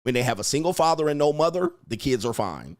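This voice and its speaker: A man's voice: medium pitch, very animated, quick pace, darkish tone, dry recording. Blunt, profane man commentator, dry sound. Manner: blunt and profane, acts out quotes in other voices. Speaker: relationship commentator and host. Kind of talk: casual commentary reacting to clips.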